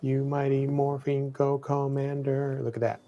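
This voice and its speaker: A man's voice: mid-range voice, unhurried, lo-fi sound, a little hiss or hum. Playful man joking through a strategy game. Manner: playful, excitable, jokey game commentary. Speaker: livestream co-host playing a strategy game. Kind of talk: casual livestream chat.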